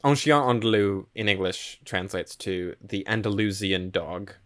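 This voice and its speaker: A man with a lowish voice talks through old films as a podcast co-host. His speech is relaxed and loose, leaning on "like" and "um". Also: unhurried. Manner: relaxed, hedging with "like" and "um". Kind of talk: casual film history chat.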